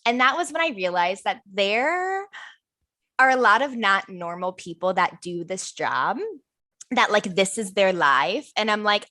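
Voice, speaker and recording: A young woman co-hosting a podcast tells a story in a mid-range, expressive voice that's bright and forceful, taking her time. She's a bubbly storyteller in casual chat, acting out what people said.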